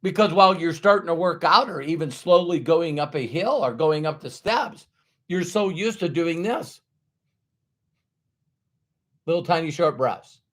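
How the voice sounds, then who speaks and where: A man's voice: on the high side, expressive, a little slow, pauses often, a bit bright. A man giving a conversational motivational talk who acts out the voices of doubters. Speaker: motivational speaker.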